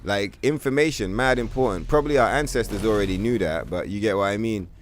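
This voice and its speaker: A man's voice: on the low side, fast talker, slight background noise. A man, streaming a video game and ranting casually, full of swearing and filler words. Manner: profane, rambling rant, heavy on "bro" and "like". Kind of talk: casual livestream commentary.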